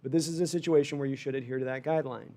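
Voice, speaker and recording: Reading chat as he goes, this fan livestream host gives an animated, rambling live sports reaction peppered with frustrated asides. His pitch is medium, and he speaks very fast.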